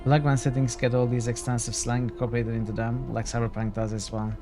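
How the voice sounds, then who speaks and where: Male game streamer, mid-pitch voice, chatty and hesitant, casual commentary. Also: little pitch movement, brisk, music in the background. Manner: chatty, hesitant, reads game text aloud.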